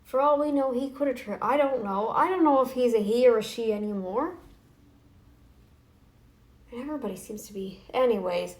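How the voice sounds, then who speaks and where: A woman's voice: a little high, moderate pace, pauses often. A woman vlogging to camera in a casual, snarky, taunting way, rambling with restarts and fillers. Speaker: YouTube vlogger. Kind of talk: casual talking-head vlog.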